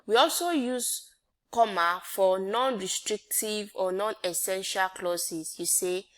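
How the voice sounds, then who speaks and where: A woman's voice: mid-range voice, slow, fairly bright tone. A woman teaching an English grammar lesson, repeating each point and quizzing her listeners with rhetorical questions. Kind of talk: classroom-style grammar lesson.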